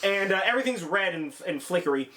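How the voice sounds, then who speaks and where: A man's voice: high voice, animated, fast talker, sharp tone. A man co-hosting a review show, recapping an episode in loose, profane casual chat and briefly mimicking characters. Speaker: podcast co-host.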